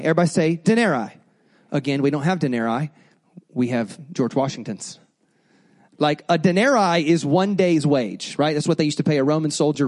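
Male pastor, high-pitched, lively storytelling sermon with congregation call-outs. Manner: animated storytelling with asides to the congregation.

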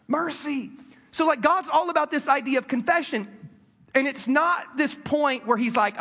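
A man preaching a sermon in a conversational way, with quick asides, acted-out quotes and frequent restarts. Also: extremely high pitch, lively intonation, bright, forceful tone. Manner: repeats words as he restarts. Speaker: pastor.

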